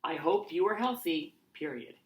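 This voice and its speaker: A low-voiced woman teaches young children, her pitch rising and falling a lot. She speaks slowly, saying each word aloud as she writes it. The sound carries a roomy echo. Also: expressive. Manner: slow, dictating aloud while writing. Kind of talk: online lesson for children.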